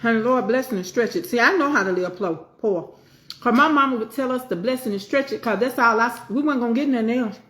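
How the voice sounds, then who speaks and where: Talking a little fast, this middle-aged home cooking vlogger eats and chats in a fairly high, fairly bright voice. The room is echoey, and she sprinkles in folksy, preachy remarks.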